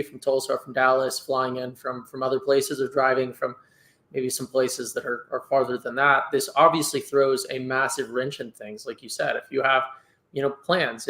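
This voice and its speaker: A man's voice: medium pitch, a bit bright. Man on a podcast in an echoey room. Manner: measured, explanatory, with "uh" and "you know" fillers. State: tired after a long workday. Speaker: podcast co-host. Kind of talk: casual sports podcast chat. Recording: roomy echo.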